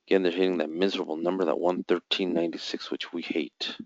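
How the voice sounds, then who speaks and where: A forex trader hosts a live forecasting room, giving trading commentary as he reads out buy and sell volumes and mutters taunts at the market. His low voice is level in tone and fast. The recording is dry, dull, and lo-fi.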